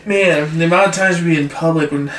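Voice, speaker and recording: A man's voice: fairly high pitch, fast, fairly bright tone, recorded from a distance. A young man in casual chat, telling rambling, profane stories. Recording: echoey room, off-mic, clear noise.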